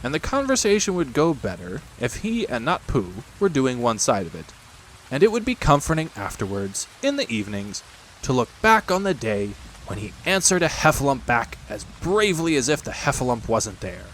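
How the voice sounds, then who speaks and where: A man narrates a bedtime story in a gentle, expressive way, his voice swinging widely up and down. His pitch sits in the middle for a man. Soft rain patters faintly behind him. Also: normal speed, slight background noise, rough recording. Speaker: audiobook narrator. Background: rain sounds.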